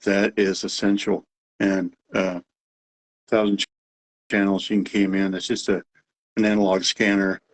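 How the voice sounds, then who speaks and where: A man with a Texas accent and a slightly nasal voice hosts a casual live Q&A about radio monitoring, rambling with fillers and restarts. His voice is low-pitched and level at a normal speed, with long pauses, on a low-quality recording.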